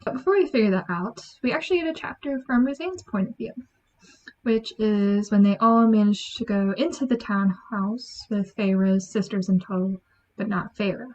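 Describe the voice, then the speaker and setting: A woman giving a chatty, animated book review, acting out lines from the story. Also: mid-range voice, moderate pace. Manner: chatty, animated, acts out quotes. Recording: dull lo-fi sound.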